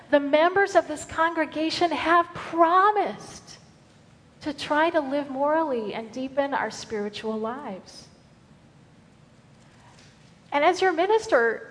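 Slow-speaking woman minister. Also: high-pitched. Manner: earnest, conversational, measured. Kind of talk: sermon. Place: church sanctuary. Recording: long hall reverb.

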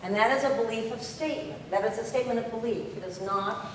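Talking fast in a fairly high voice, a woman from the congregational life staff preaches an emphatic, earnest sermon in the church sanctuary, hammering on repeated key phrases. Her words come through a distant mic in an echoey hall, with slight background noise.

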